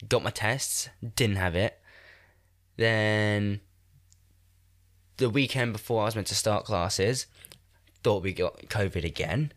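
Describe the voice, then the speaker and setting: A man's voice: fairly low pitch, slow, long pauses. A man, hosting a podcast in casual chat, sounding nasal and congested from a cold, rambling and laughing at himself. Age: 20s. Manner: rambling, self-deprecating, laughs often. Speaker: podcast host. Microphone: new podcast microphone.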